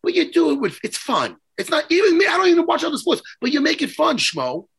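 A man's voice: very high-pitched, wildly swooping pitch, fast, a bit bright. A middle-aged man, hosting a podcast, rambling and swearing as he tells stories. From New York. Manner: profane, rambling storyteller. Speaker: podcast host. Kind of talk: casual chat.

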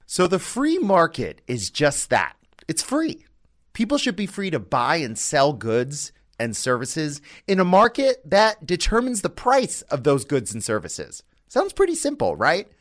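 Lively, playful male podcast host. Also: on the high side. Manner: conversational, playful asides. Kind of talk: scripted podcast opening monologue.

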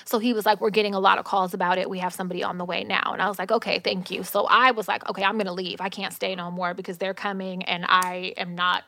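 A woman telling a story in casual chat, animated and slangy, swearing freely. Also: mid-range voice, fast talker, creaky, hardly any pauses.

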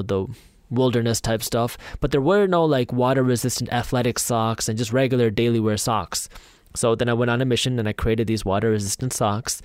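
A man's voice: medium pitch, clear, resonant tone, no room sound, studio quality. A young man, a podcast guest, telling stories in a casual interview and acting out his own past thoughts. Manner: animated, acts out his own past thoughts and quoted voices.

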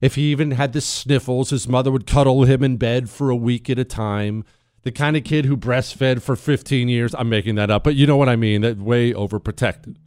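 A man's voice: medium pitch, steady tone, brisk, a little mellow, clear, resonant tone, no echo, clean studio sound. A man hosting a talk radio show, telling a story in a monologue. He leans hard on his points, repeats lines for effect and throws questions at the listener.

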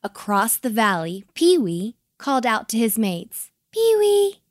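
A woman narrating a children's bedtime story, gentle and expressive. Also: medium pitch, unhurried, no echo, studio quality.

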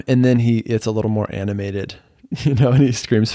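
A young adult man hosting a casual solo podcast, telling a rambling story with sarcastic, deadpan humor and many fillers. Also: on the low side, normal speed, no echo, clean studio sound. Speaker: podcast host.

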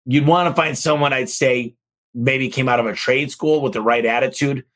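Man, podcast host, motivational storytelling, excitable, casual swearing, middle pitch. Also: moderate pace. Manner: excitable, jumps high for quoted voices, swears casually. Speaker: podcast host and business owner. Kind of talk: casual motivational talk with stories.

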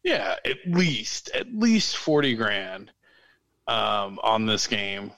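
A man's voice: on the low side, animated, slow, pushed and bright, no room sound. A man co-hosting a podcast in casual chat, rambling loosely with lots of fillers and restarts. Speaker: podcast co-host.

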